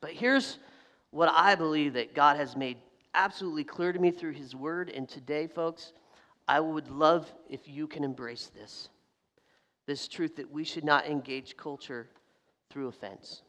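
A man preaching a sermon as a pastor, telling a story in a lively way and acting out the voices of people in it. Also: on the high side, a little slow. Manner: animated storytelling, acts out quoted voices, laughs. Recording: long hall reverb.

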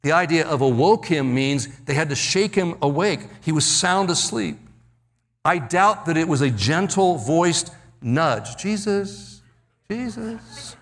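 A man's voice: on the high side, expressive. Dramatic preacher man, church reverb. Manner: dramatic, acts out Bible quotes, slows for emphasis. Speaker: pastor. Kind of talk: sermon.

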